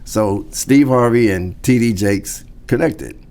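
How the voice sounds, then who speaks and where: A man's voice: takes it slowly, darkish tone, a little hiss or hum. A middle-aged man, a comedian, telling a story in an interview and acting out the voices of the people he quotes. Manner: acts out quoted voices, shifting pitch. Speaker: comedian guest. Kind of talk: animated storytelling.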